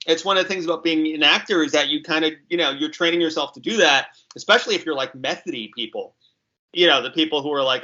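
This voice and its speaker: A talkative, animated man from New York in a casual podcast conversation. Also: on the high side, quick pace, highs cut off. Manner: animated, talkative, chuckles often.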